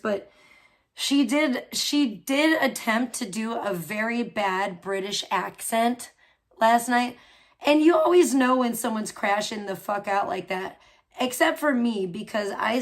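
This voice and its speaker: A woman hosting a live stream, chatting casually and rambling with frequent laughs as she answers her chat. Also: fairly high pitch. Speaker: livestream host.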